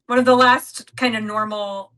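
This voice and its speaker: A woman guest in a casual political chat, measured and a little hesitant. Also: a little high, steady tone, pushed and bright. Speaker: podcast guest.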